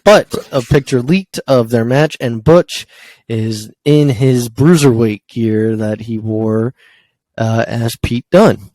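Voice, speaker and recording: A man's voice: mid-range voice, slow pace, darkish tone, dry recording, rough recording. A man co-hosting a casual wrestling podcast, running through news with lots of ums and uhs. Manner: rambling with frequent ums and uhs. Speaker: podcast co-host.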